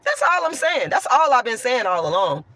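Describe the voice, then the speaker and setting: Hoarse woman ranting on a livestream, bright and forceful, goes loud then soft. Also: on the high side, big pitch swings, normal speed. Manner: loud, swings from raised voice to soft; blunt, profane, slangy. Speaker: online commentator. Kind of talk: livestream talk answering chat.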